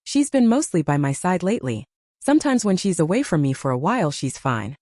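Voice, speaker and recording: A man's voice: high-pitched, big pitch swings, a little fast, darkish tone, dry recording, studio quality. A woman reading the lines of a stern, cold wealthy father in a storybook, speaking curtly. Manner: cold and curt.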